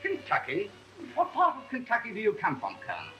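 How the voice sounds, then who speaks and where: A man's voice: high-pitched, wildly swooping pitch, a little fast, sharp tone, soft background music, exaggerated voice. A man playing a fussy, genteel upper-class lord in a 1930s film comedy, prone to fluttery exclamations.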